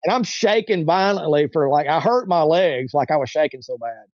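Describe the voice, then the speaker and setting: A man's voice: a little high, animated, normal speed, darkish tone, no echo, muffled recording. A man telling a long personal story in casual interview talk, rambling and repeating himself, acting out the voices of people he quotes. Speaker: interview guest.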